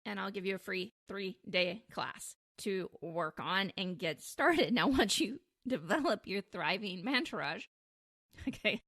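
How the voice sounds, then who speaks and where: A woman hosts a dating advice show in a loose, chatty monologue. She laughs often at her own jokes and keeps a playful, amused tone. Her voice sits at an ordinary pitch in a dry, close recording. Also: sharp tone, no room sound. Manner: giggly, laughs often while talking; playful, self-amused humor. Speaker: dating advice podcast host.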